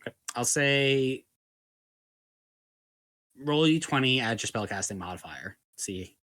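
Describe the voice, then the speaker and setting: A man's voice: medium pitch, expressive, measured pace, fairly bright tone, no echo. A man running a tabletop game as game master, describing scenes in a loose, descriptive way. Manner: descriptive, loose, filler-heavy.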